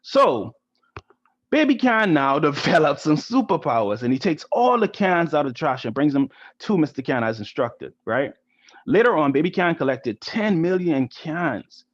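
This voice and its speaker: A man's voice: a little high, very animated, normal speed, muffled recording. A man from the Bahamas, a volunteer art teacher, reading a story to children over a video call in a chatty way, often asking "right?". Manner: chatty, asks the kids "right?". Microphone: computer mic on a video call.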